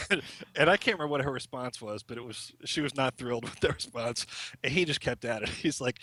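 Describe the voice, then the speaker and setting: Bright-voiced man telling a laughing story. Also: medium pitch, big pitch swings, brisk, no room sound. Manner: chatty, laughs often while telling stories. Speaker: podcast guest. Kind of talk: casual storytelling chat.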